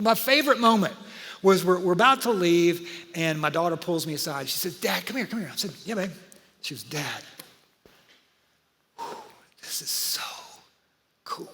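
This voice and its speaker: With a high, animated male voice, a pastor from Georgia, USA, delivers a storytelling sermon in a church auditorium, speaking conversationally to the audience. The live church-hall recording has long reverb and slight background noise.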